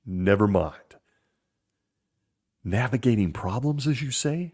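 A man's voice: medium pitch, animated, takes it slowly, darkish tone. Guy doing sarcastic podcast commentary, voice swings up and down a lot, mocking tone. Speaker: podcast host. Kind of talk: critical commentary.

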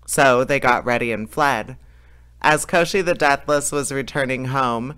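A man reading a fairy tale aloud in a plain, steady way, with an occasional filler. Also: mid-range voice, unhurried, clean tone. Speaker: storyteller.

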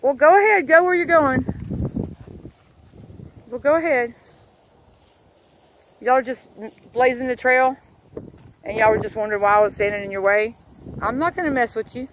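A woman's voice: a little high, brisk, low-quality recording. A woman giving a rambling religious rant outdoors in a rural pasture, breaking off to coo at the cows around her. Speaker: religious vlogger. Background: wind and animals.

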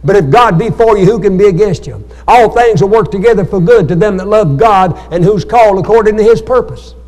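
The echoey church hall carries a male pastor's fairly quick Bible study sermon, his high voice a little mellow. He preaches with call-and-response, asking the congregation for amens.

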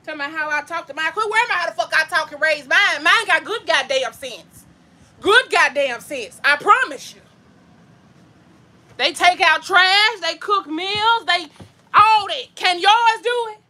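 High-pitched, bright-voiced foul-mouthed woman vlogger. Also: animated, unhurried. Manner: blunt, profane, scolding. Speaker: vlogger hosting a livestream. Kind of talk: casual livestream rant. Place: at home.

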